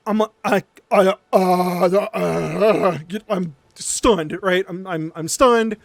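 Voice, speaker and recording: High-ish guy streamer ranting a story, sarcastic, swears a lot, stumbles over words, no room sound. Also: slow pace, vocal fry, hardly any pauses, no echo. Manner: animated, sarcastic, profane, stammering restarts. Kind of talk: casual storytelling.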